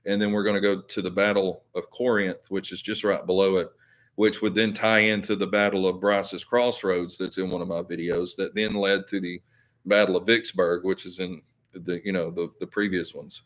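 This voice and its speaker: A man's voice: low-pitched, little pitch movement, moderate pace, fairly bright tone. A man hosting a live stream, chatting casually with viewers in a rambling way, full of fillers and self-corrections. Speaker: YouTube channel host.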